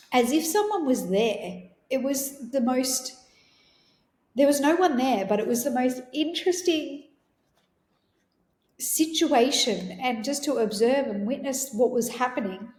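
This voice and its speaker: A woman's voice: high-pitched, lively intonation, slow, pauses often, a little mellow. A woman hosting a podcast, telling a personal story in an earnest, reflective way with many fillers. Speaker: podcast host. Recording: roomy echo.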